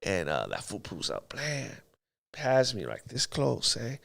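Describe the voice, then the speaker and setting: A man's voice: mid-range voice, huge pitch swings, unhurried, gravelly, a bit bright, dry recording. A man telling his life story in a casual interview, using street slang and acting out sounds.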